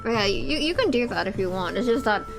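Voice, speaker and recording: A woman's voice: mid-range voice, expressive, fast, creaky. A woman live-streaming a game, chatting to her viewers in a rambling, chatty way and squealing when startled. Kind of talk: casual live-stream chat. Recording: game music behind the voice.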